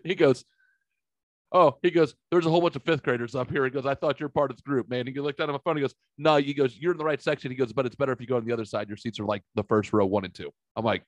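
A man's voice: mid-range voice, fast talker, no room sound. 40s guy telling a story on a podcast, does all the voices, swears a lot, dry close mic. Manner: animated storyteller, acts out quotes, swears freely. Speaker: podcast co-host. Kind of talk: casual storytelling chat.

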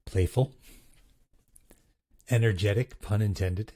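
Husky man chatting, chuckling often. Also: on the low side, takes it slowly, dark tone, no room sound, clean studio sound. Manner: chuckles often, restarts sentences. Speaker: host reviewing recorded audio clips. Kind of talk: casual chatty commentary.

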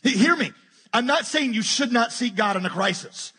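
A man preaching a sermon as pastor, animated and joking as he retells a scripture story. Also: extremely high pitch, moderate pace, breathy edge. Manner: animated, jokey retelling with acted-out quotes.

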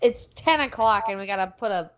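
A woman co-hosting a podcast in casual chat, playful and foul-mouthed with quick quips. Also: medium pitch, a bit bright. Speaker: podcast co-host.

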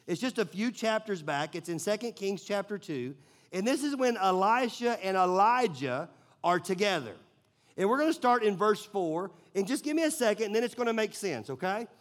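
A man with a notably high speaking voice delivers a sermon. He talks loosely and conversationally, full of "like" and restarts, as if chatting with friends while preaching. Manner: casual, conversational storytelling with many fillers. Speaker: pastor.

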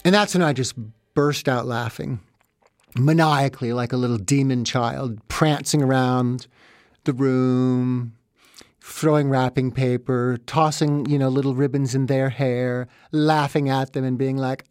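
A man's voice: mid-range voice, a little slow, dry recording, clean studio sound. Wry man telling a comic story. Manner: wry, self-mocking, animated asides. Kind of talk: first-person comic storytelling.

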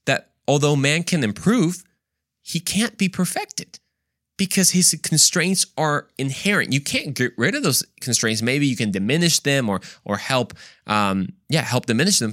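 An American man hosts a podcast, giving a casual teaching talk where he explains ideas step by step and often checks in with listeners by asking "right?" His voice is medium-pitched and a bit bright. The audio is studio quality with no echo.

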